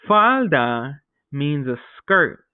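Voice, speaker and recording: A man teaching a Spanish vocabulary lesson to his class, explaining each word step by step and often checking with a quick "okay?". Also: fairly high pitch, very animated, smooth, no room sound. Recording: tinny phone-like audio.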